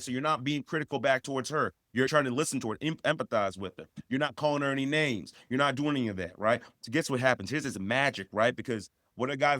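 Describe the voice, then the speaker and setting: A man's voice: medium pitch, a bit bright, dry recording, studio quality. A man co-hosting a podcast, giving emphatic, repetitive advice that rises sharply when he stresses a point. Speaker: podcast co-host.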